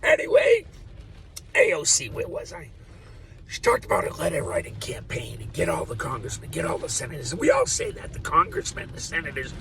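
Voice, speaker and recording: A man's voice: on the high side, wildly swooping pitch, brisk. An older man, rambling through a profane, joking vlog monologue. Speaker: vlogger. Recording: distant mic with loud background noise.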